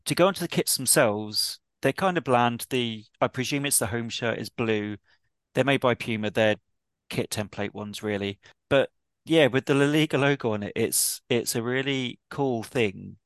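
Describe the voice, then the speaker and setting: A man's voice: medium pitch, normal speed, dry recording. A British man co-hosting a podcast, joking and bantering in casual chat. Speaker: podcast co-host.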